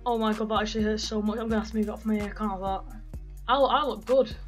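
A teenage boy talks over his gameplay in a bright, cutting, high-sitting voice. He is loud and excitable, swearing freely and yelping in pain between brags, with faint music underneath. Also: racing. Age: teens. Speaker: gaming YouTuber. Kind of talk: gaming commentary.

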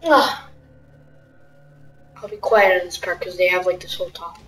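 A woman commenting on a video game as she plays, excitable, yelping and shouting at what happens on screen. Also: fairly low pitch, normal speed, a little hiss or hum. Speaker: gamer. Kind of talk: let's play commentary. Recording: echoey room, far from mic. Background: loud game music.

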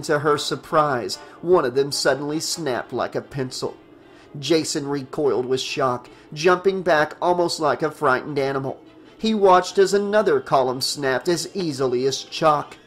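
A man reading a horror novel aloud as an audiobook, in a steady storytelling manner. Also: fairly high pitch. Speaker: audiobook narrator.

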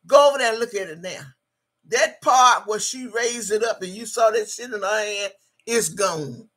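A woman's voice: medium pitch, moderate pace, fairly bright tone. A woman hosting a livestream, ranting in a profane, combative, repetitive way and reading out viewer chat. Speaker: livestream host. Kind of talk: angry livestream rant.

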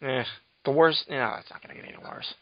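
A young man hosting a casual podcast, teasing his friends and playing mock-offended as he rambles. His voice sits at an ordinary pitch. The recording is dry and dull, with a lo-fi sound. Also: fast talker, dry recording. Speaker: podcast host. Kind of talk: casual banter.

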